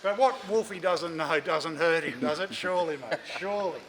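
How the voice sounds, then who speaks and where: A man's voice: on the high side, normal speed, a crowd in the background. An Australian man, a motorcycle magazine editor, bantering casually on location, jokey and chatty, ending lines with "mate". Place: motorcycle dealership.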